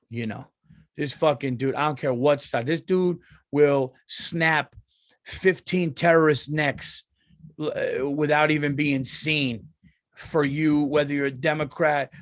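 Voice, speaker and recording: Man, comedian host, swearing rant, fairly high voice, dry close mic. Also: no room sound. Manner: profane, animated, repeats himself. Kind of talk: casual monologue rant.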